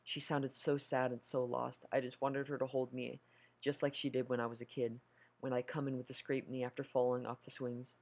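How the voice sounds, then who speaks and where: A man's voice: medium pitch, flat delivery, normal speed, vocal fry, darkish tone. A man reading a horror story aloud, nervous, stumbling over words and correcting himself. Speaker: story narrator.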